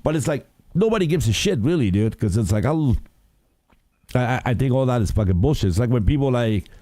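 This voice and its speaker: A man in a casual podcast chat who rants in long, rambling, profane runs. His voice is mellow and dark, yet his pitch swings widely. It sounds dry and close to the mic. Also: a little fast, no echo. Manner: profane, rambling, animated rant with lots of fillers. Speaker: podcast co-host.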